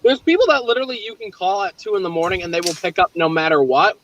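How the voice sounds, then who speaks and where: Young guy on a stream call, high bright voice, chatty, lively storyteller. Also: fast, muffled recording, a little hiss or hum. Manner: animated storytelling, laughs often. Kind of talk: casual chat.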